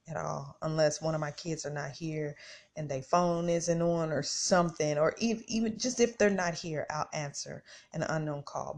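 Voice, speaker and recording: A woman's voice: low-pitched, creaky, a little mellow. A middle-aged woman hosting a podcast, telling a casual story straight to her listeners and acting out her own reactions as she goes. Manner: chatty, addresses listeners directly, acts out her own reactions. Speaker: podcast host.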